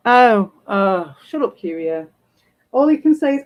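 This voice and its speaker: A woman's voice: medium pitch, sing-song, measured pace, poor audio. A woman streaming live, ranting bluntly and combatively and swearing freely. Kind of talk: livestream rant.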